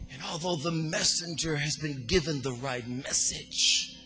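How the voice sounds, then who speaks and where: A man preaching a sermon in a sing-song cadence, swinging between hushed, quiet passages and fervent shouting. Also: a little high, unhurried, soft background music.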